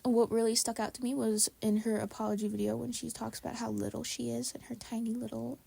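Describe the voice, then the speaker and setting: A woman's voice: a little high, level tone, fast, gravelly, mellow, slightly rough. A young woman co-hosting a podcast, talking in a blunt, profane, ranting way during casual chat. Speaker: podcast co-host.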